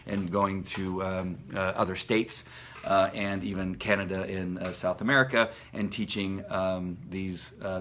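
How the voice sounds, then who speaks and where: Bright, rambling man on a live stream. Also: low voice. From Southern California. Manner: rambling, with many fillers and restarts; bursts into loud shouted dog commands. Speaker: police K9 trainer. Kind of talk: casual live-stream talk.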